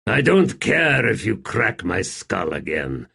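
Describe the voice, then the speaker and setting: Weary middle-aged smith, voiced by the male narrator, low voice, dry and deadpan audiobook figure. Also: takes it slowly, vocal fry, slightly rough, heavily acted. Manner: dry, tired. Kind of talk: audiobook character voice.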